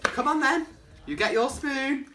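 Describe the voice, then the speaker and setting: A man with a gentle, patient and coaxing manner, chatting casually and asking lots of encouraging questions while making a treat in a home kitchen. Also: very high voice, animated, a little slow, background noise. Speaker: co-host of a home cooking video.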